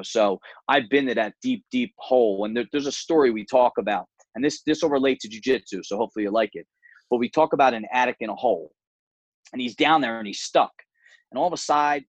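Earnest, fast-talking man on a dull line. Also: medium pitch, no echo. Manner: earnest and quick, repeats words as he talks. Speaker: guest, martial arts gym owner. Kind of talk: candid interview storytelling.

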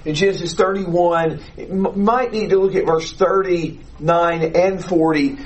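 A man teaching a classroom Bible lesson, explaining deliberately and putting questions to the class. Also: high voice, steady tone, poor audio.

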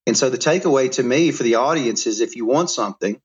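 A middle-aged man from Alabama, telling life stories as an interview guest in an animated way with frequent restarts. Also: mid-range voice, fast talker, husky, lo-fi sound. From Mobile, Alabama. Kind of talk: storytelling interview.

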